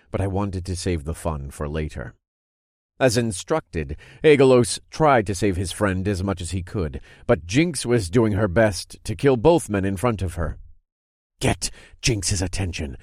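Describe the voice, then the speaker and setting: A man narrating a dark fantasy story in the first person, steady and low-key. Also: no echo, studio quality.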